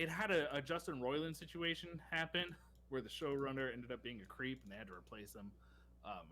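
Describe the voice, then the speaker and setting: A young man on a podcast, talking in a bright, forceful voice. He rambles enthusiastically with lots of fillers and restarts. A faint hum sits under the recording. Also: medium pitch. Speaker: podcast co-host. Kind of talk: casual chat.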